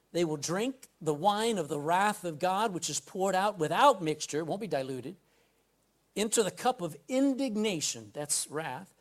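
A man preaching a sermon from the pulpit, reading scripture aloud and putting direct questions to the congregation. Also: a little high. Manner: emphatic, swings between loud scripture reading and quiet asides. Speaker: pastor. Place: church pulpit.

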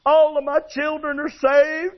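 A man's voice: very high voice, measured pace, voice pushed up. A man voicing an elderly preacher in his eighties giving an earnest, fervent testimony. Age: 80s. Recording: dull lo-fi sound.

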